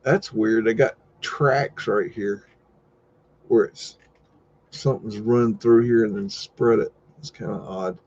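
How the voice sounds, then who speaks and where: A man's voice: fairly low pitch, fairly even intonation, slow, slight background noise. Easygoing man rambling over old photos, lo-fi. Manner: rambling, joking, easygoing asides and loud exclamations. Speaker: host. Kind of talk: casual live-stream commentary over old photos.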